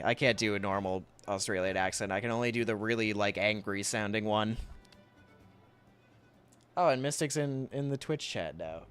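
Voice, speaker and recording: Young male streamer, smooth clear tone, mid-pitched, loose rambling chat over soft music. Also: moderate pace. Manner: rambling, chatty, reads chat aloud, often laughs. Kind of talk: casual livestream chat while drawing.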